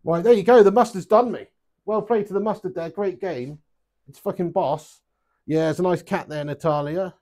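A young man chatting casually on a live stream, rambling, swearing freely and getting animated. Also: high voice, moderate pace.

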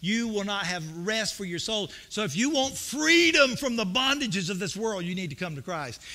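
A man preaching in a church with a high, ringing, forceful voice. He tells homespun stories and swells into emphatic, repeated questions. The delivery moves between soft, conversational asides and bursts of preaching. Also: big pitch swings, normal speed, few pauses. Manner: folksy, storytelling preacher with rising emphatic bursts. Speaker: pastor. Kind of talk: sermon. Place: church sanctuary.

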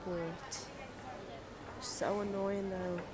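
A woman's voice: medium pitch, level tone, extremely slow. A young Irish woman vlogging casually while travelling, rambling and swearing freely into her phone. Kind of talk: casual travel vlog chat. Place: travelling through taxi and airport. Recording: clear travel noise in background. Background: vehicle and ambient noise.

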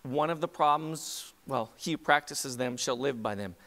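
A man's voice: medium pitch, moderate pace, bright, forceful tone. A man preaching a sermon as pastor, talking conversationally and asking the congregation direct questions. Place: church sanctuary. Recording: long church hall reverb.

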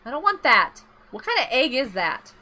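High, lively young woman streamer. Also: moderate pace. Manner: excitable, gasps and giggles often. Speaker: game streamer. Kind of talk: casual live gameplay chat.

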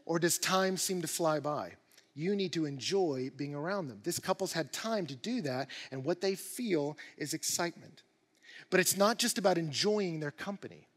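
A male pastor preaching a sermon in an animated, emphatic way, with rising bursts of energy. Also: on the high side, normal speed, long reverb tail. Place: church auditorium.

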